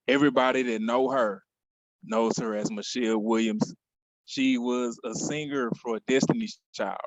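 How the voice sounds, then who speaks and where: A man's voice: mid-range voice, dry recording, lo-fi sound. A man giving a conversational motivational talk to an online audience, often repeating phrases and checking in with "right?".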